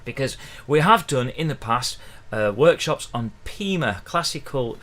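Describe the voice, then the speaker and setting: A man's voice: medium pitch, lively intonation, a little slow. A middle-aged man, teaching ukulele in a chatty, encouraging livestream lesson, counting in the beats. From England. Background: faint ukulele playing.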